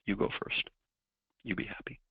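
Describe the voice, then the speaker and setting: A man with a raspy voice giving a motivational keynote talk, directly coaching the audience through exercises. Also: normal speed, no echo, lo-fi sound. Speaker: keynote speaker.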